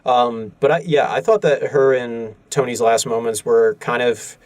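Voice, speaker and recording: A man in a mid-range voice, recorded dry and close, who weighs his points with pauses and fillers. He is a podcast co-host musing about themes in a film. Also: mid-range voice, steady tone, no echo. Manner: thoughtful, measured, many fillers. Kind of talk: casual film discussion.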